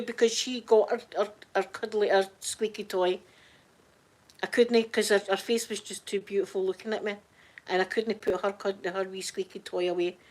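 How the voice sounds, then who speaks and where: A middle-aged Scottish woman chatting casually on a live stream, greeting viewers in the chat by name. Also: fairly low pitch. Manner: chatty, warm-hearted, reads out chat names.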